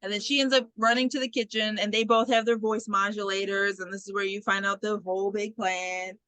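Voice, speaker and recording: A woman co-hosting a podcast in casual chat, retelling a movie with lively storytelling, acting out lines and swearing casually. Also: mid-range voice, a little fast, no room sound, low-quality recording. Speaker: podcast co-host.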